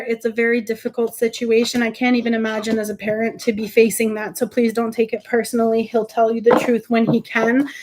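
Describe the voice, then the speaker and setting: A woman giving a live tarot reading, reassuring and emotional, calling viewers honey and sweetheart, often stopping and restarting her sentences. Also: fairly high pitch. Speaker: tarot reader and livestream host.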